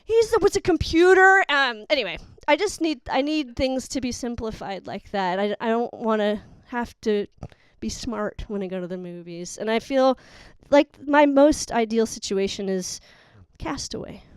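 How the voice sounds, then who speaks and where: A woman's voice: fairly high pitch, moderate pace, few pauses, clear, resonant tone, dry recording. A young woman doing a rambling, exasperated, self-mocking stand-up set. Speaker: stand-up comic. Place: live studio audience.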